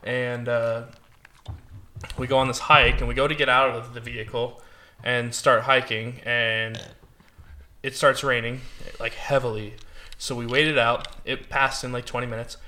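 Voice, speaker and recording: A man's voice: medium pitch, flat delivery, unhurried, bright, forceful tone. A man chatting casually with friends on a podcast, telling an easygoing, profane anecdote. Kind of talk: casual chat among friends.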